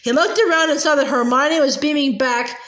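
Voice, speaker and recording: A woman reading a novel aloud in a high voice, stumbling now and then with fillers and restarts. The recording has a noticeable roomy echo. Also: fairly bright tone. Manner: halting, with frequent uh fillers and restarts. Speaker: audiobook reader. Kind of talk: amateur read-aloud narration.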